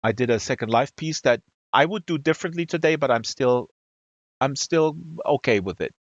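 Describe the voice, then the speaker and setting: A man's voice: medium pitch, lively intonation, normal speed, no room sound, lo-fi sound. A man from Germany, hosting a livestream and telling a long story to his chat, with lots of fillers and restarts. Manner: rambling, many fillers and restarts. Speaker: livestream host. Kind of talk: casual storytelling to a live chat.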